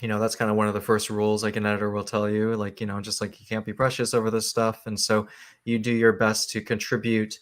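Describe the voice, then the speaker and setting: A man's voice: fairly low pitch, monotone, fast. A man, a comic book writer, talking about his work in an interview, with many fillers and restarts. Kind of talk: casual interview talk.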